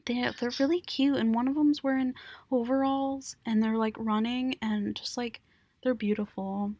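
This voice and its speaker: A woman's voice: a little high, steady tone, normal speed, warm tone, a little hiss or hum. A young woman co-hosting a casual podcast, rambling through a story with giggles and frequent swearing. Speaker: podcast co-host. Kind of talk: casual chat.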